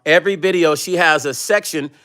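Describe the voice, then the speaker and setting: Bright and forceful, this man's higher-pitched voice moves at a brisk clip as he hosts his own livestream. He swears and lashes out at a rival in a heated rant, stopping to read his live chat aloud.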